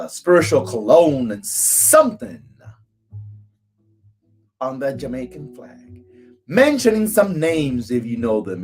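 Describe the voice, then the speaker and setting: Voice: mid-range voice, a little mellow. A spiritual coach from Cuba giving a live tarot reading, emphatic and chanting repeated phrases.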